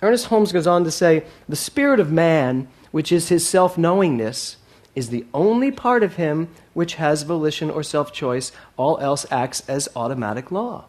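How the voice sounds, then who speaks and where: A man's voice: a little high, animated, normal speed. Emphatic man giving a sermon. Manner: emphatic, repeats key phrases, swings from loud to soft. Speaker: minister.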